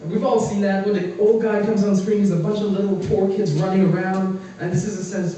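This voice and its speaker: A man with a high, light voice works a small comedy club crowd, brash and profane. He slips into quick character voices between punchlines. The sound is very echoey and the mic sits far from him. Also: steady tone, dark tone. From Caribbean. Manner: brash, profane, acts out voices mid-joke. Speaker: stand-up comedian. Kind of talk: stand-up comedy set. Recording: echoey room, mic heard from afar.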